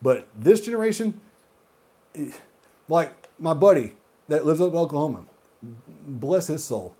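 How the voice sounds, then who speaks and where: A man hosting a gaming video who rants heatedly and profanely, swinging between loud outbursts and muttered asides. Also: on the high side, lively intonation, unhurried, slightly rough. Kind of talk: solo rant monologue.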